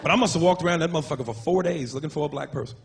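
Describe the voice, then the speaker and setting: A man doing a stand-up comedy set, brash and profane, telling animated stories on a club stage. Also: a little high, rapid-fire, gravelly. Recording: live club with loud crowd and noise.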